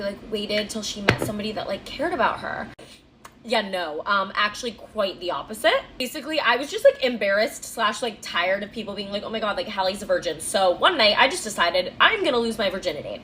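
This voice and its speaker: A woman's voice: medium pitch, fairly bright tone, a little hiss or hum. A woman telling a candid personal story in a chatty, filler-heavy way. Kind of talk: casual storytime monologue.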